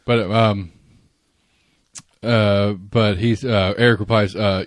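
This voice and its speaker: Podcast co-host, male, loose rambling delivery with restarts and casual swearing; lowish voice, dry sound. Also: fairly even intonation, takes it slowly, long pauses, no room sound. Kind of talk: casual chat.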